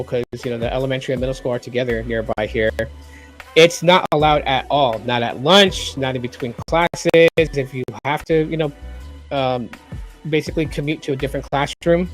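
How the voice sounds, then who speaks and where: A middle-aged man hosting a tech livestream in casual chat, rambling and repeating himself as he tells stories. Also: medium pitch. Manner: rambling, repeats phrases, lively storytelling.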